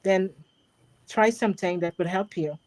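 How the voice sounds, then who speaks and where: A woman's voice: mid-range voice, moderate pace, darkish tone. A woman hosting an interview, speaking in a hesitant, reflective way. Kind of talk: casual interview talk.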